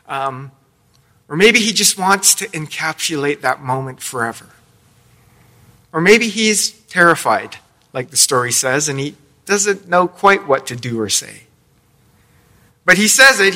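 Slow, bright-voiced male pastor preaching. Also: high voice, expressive. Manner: storytelling with playful asides. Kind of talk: sermon. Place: church sanctuary.

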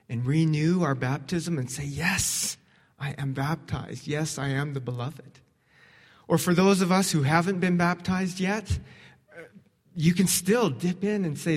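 A male pastor delivers a sermon at an unhurried pace, his voice sitting a little high. He swings from emphatic, rising questions to soft, near-quiet lines. The sound carries a long reverb from the hall. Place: church sanctuary.

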